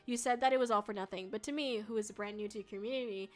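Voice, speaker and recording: A woman's voice: mid-range voice, quick pace. A young woman streamer chatting casually with her viewers, bubbly and giggly, with lots of filler words. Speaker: VTuber streamer. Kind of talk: casual livestream chat with viewers.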